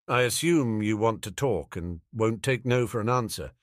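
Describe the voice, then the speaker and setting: A man's voice: fairly low pitch, animated, moderate pace, no echo, lightly acted. A man voicing a resentful teenage boy who speaks with dry sarcasm. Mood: curt. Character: bitter, sardonic teenage boy.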